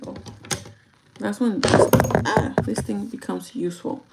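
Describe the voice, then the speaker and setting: A young adult woman livestreaming her makeup routine, telling a story in a chatty, profane, animated way. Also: medium pitch, unhurried, gravelly, noisy background. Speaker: livestreaming beauty vlogger. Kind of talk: casual storytelling while doing makeup.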